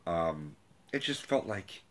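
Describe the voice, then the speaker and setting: A young man giving a rambling, profane movie review rant, casual and animated. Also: deep voice, slow pace.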